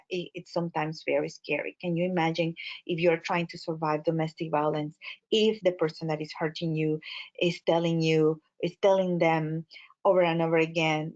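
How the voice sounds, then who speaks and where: A woman with a Latin American Spanish accent, a Spanish speaker, giving a training talk as an immigrant advocate, expressive and full of fillers. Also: low voice. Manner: expressive, animated storytelling with many fillers. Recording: muffled lo-fi audio.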